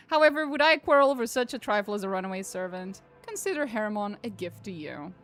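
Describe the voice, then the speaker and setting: A woman's voice: mid-range voice, lively intonation, a little fast, fairly bright tone, close to an everyday voice. A woman reading aloud as a boastful, blunt male noble warlord from a game, over faint music.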